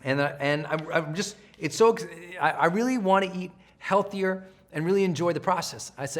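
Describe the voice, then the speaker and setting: A middle-aged man giving a live coaching session, energetic and animated, often acting out the voices of people he quotes. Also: fairly high pitch, normal speed, hardly any pauses. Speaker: self-help trainer.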